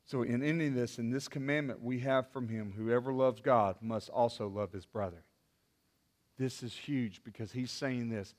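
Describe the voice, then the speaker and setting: A man preaching a sermon as a youth pastor, impassioned, with restarts, swinging from loud to hushed. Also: mid-range voice, normal speed.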